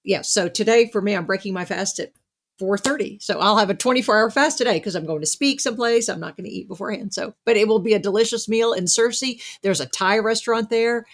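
A woman hosting a podcast interview, chatting casually and retelling what she has read with lively asides. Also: mid-range voice, fast. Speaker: podcast host.

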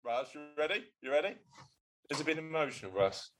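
A man's voice: a little high, animated, a little fast, a bit bright, faint music behind, poor audio. A man hosting a podcast in casual chat, playful and teasing, laughing often. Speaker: podcast host.

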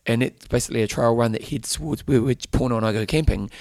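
A New man co-hosting a podcast in casual chat, animated and rambling, often breaking into laughs. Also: medium pitch, fast, no echo, clean studio sound. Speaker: podcast co-host.

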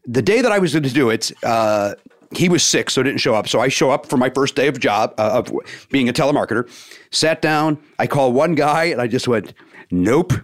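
Fifty-something comedian guy telling a work story, voice swings up and down a lot, talks mid-pitch. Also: fairly quick. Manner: animated, acts out quoted dialogue. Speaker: stand-up comedian, guest. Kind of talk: casual conversational storytelling.

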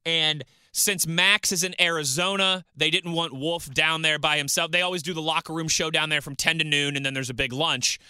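A man's voice: fairly high pitch, steady tone, normal speed, few pauses, sharp tone, clean tone, no room sound, clean studio sound. A man hosting a solo sports talk radio show, chatting and reading out listener messages. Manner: chatty, reads listener tweets and banters.

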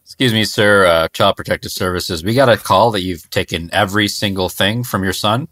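A man's voice: fairly low pitch, fairly quick, a bit bright, dry recording, voice pushed down. A man improvising an awkward, hesitant child protective services worker, a little off-mic. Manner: hesitant, stumbling. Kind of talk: improv comedy sketch.

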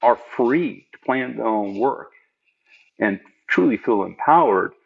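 A man, a program manager, telling an interviewer about his work in an earnest, emphatic way and jumping up in pitch to stress his points. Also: animated, unhurried, creaky, husky. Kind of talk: conversational storytelling in an interview. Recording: dull lo-fi audio.

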